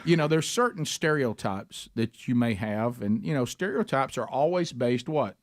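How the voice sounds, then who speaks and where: A man's voice: mid-range voice, animated, moderate pace, no echo, studio quality. A man hosting a talk show, telling stories in a folksy, chatty way with frequent chuckles. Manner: folksy storytelling, chuckles often. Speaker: radio show host. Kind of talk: casual talk show chat. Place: radio studio.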